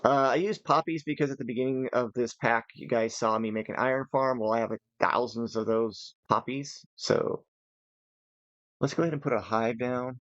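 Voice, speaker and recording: A man's voice: medium pitch, normal speed, no room sound. Sleepy guy chatting thru his gameplay, dry dull sound, kinda lo-fi. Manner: chatty, rambling, thinks aloud. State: tired. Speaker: gaming channel host. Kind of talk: casual gameplay commentary.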